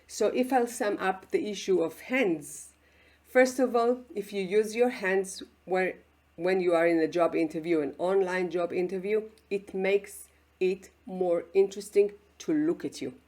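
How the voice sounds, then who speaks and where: A woman's voice: mid-range voice, a little slow, darkish tone. A woman with an Israeli accent, a native Hebrew speaker, coaching viewers as a public speaking mentor in an online lesson. She is emphatic, often checks in with "okay?" and acts out examples.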